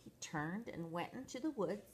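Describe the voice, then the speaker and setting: An older woman, a grandmother, reading a picture book aloud to children in a slow, expressive, sing-song way. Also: medium pitch, a little hiss or hum. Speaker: grandmother storyteller.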